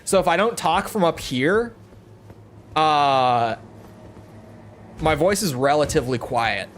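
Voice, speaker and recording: Young man, twenties, rambling gaming streamer, speaks from his throat; a touch high-pitched. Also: lively intonation, slow, a bit bright, slight background noise. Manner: talks from the throat to project, chatty and rambling. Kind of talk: casual gaming stream chat.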